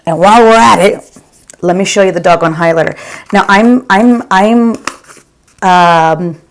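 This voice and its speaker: A woman's voice: medium pitch, measured pace, a little hiss or hum. A middle-aged woman and nurse reviewing her favorite makeup to camera in a gushing, chatty way, calling viewers "girl". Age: 40s or 50s. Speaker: beauty vlogger and OR nurse.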